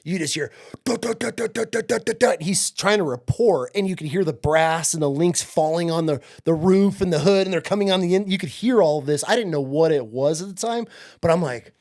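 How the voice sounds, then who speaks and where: A man's voice: fairly high pitch, brisk, darkish tone. A man in his forties from upstate New York, a podcast guest telling stories in casual chat. He swears freely and acts out the people in his stories. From upstate New York, USA. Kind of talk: casual storytelling.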